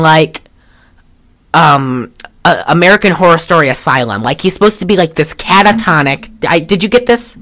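Her lowish, fairly bright voice belongs to the co-host of a casual film podcast. She rambles, restarts frequently and swears freely.

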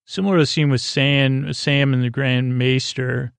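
A man's voice: mid-range voice, steady tone, normal speed, gravelly, clean tone, no echo. A man hosting a podcast, recapping a TV episode in a rambling, casual way with lots of fillers. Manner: rambling, loose paraphrase with many fillers.

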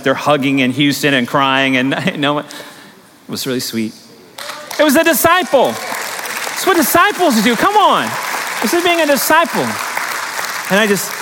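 Preaching in a large church sanctuary, a man of medium pitch and fairly bright tone shares personal stories. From there the sermon builds to emphatic exhortation, wrapped in long hall reverb.

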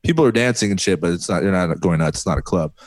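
Male podcast host, very deep voice, dry sound, laid-back. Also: quick pace, dry recording. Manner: laughs often, loose and relaxed. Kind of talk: casual chat. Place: podcast studio.

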